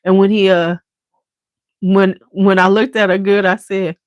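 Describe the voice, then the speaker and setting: A woman's voice: mid-range voice, measured pace, dry recording, lo-fi sound. Casting: middle-aged woman vlogger, blunt and salty storyteller, close dry sound. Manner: blunt, profane, animated storyteller. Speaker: vlogger and school staff member. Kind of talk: casual storytelling chat.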